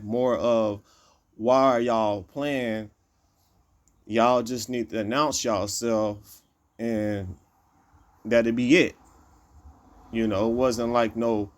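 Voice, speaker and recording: A man recounting a personal event in casual, repetitive storytelling, often circling back with "you know" and "like I say.". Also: medium pitch.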